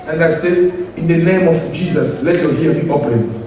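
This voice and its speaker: Man, pastor, high voice, emphatic repetitive preaching, non-standard English, very echoey, distant mic. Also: moderate pace, mellow, a little hiss or hum. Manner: asks the congregation for responses. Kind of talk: sermon.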